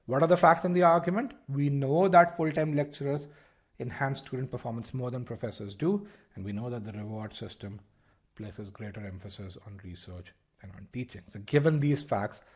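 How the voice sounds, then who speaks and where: A man teaching a live online class, asking the audience questions, repeating key points and often restarting his phrases. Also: medium pitch. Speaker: test-prep instructor.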